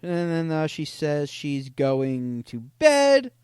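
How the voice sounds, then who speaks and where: A man hosting a podcast, casually retelling chat conversations with a deadpan, joking manner. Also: on the high side, slow pace, smooth, no room sound, studio quality. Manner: deadpan retelling, frequent "I go, she goes". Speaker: podcast host reading scam chats.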